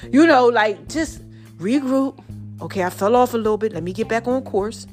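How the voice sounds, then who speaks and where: A tired woman hosting a podcast from Brooklyn, giving an animated, preachy motivational talk in a slangy voice that speaks straight to the listener. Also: a little high, moderate pace, faint music behind. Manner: animated and preachy, with slangy direct address and sung snatches. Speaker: podcast host.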